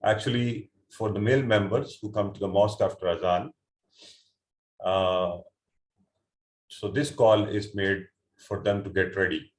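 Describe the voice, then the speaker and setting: A man's voice: fairly low pitch, steady tone, a little slow, pauses often, reverberant. A man teaching an online class, explaining word meanings patiently step by step, with hesitant fillers and restarts. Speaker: Quran teacher. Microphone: computer mic on an online call.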